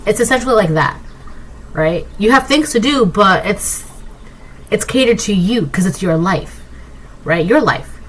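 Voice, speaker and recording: A woman giving a casual collective tarot reading, rambling and excitable, often tagging her points with "right?". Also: mid-range voice, a little slow, pauses often, slight background noise, rough recording. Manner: keeps asking "right?". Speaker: tarot reader.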